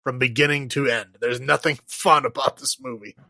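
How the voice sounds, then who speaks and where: His medium-pitched voice is creaky, bright and forceful, with fairly even intonation and a moderate pace, recorded dry. As a podcast co-host, he rambles through a casual movie review, using many fillers and laughing while criticizing.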